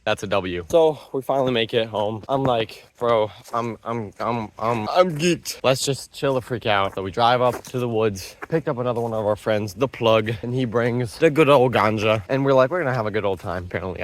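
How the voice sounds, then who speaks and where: A young man casually telling a rambling story from his own life, full of slang and excitable asides. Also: mid-range voice, quick pace, hardly any pauses. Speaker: vlogger.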